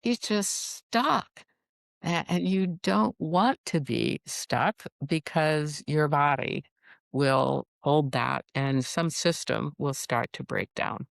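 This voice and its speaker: A middle-aged woman psychologist speaks as a podcast guest, taking her time over each thought. Her voice has a gravelly edge and an unhurried, measured pace. The recording is close and dry, with no room sound. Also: low-pitched, no echo. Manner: calm, measured explaining. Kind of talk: podcast interview.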